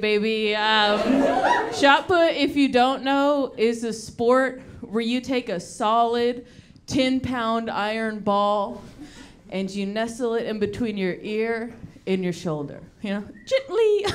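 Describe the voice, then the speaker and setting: A stand-up comedian from Texas, delivering a live set in a drawling, unhurried way and laughing between lines. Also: female voice, on the high side. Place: live comedy show venue. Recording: loud live audience laughter and noise.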